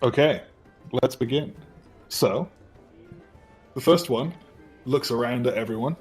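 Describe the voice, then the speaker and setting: A man running a tabletop game as dungeon master, laughing often and getting animated as he narrates. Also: medium pitch, unhurried, slightly rough, faint music behind. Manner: laughs often, animated when voicing characters.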